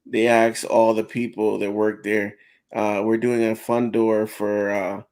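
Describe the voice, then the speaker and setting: Earnest man telling an excited story. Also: fairly low pitch, unhurried. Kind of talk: casual chat.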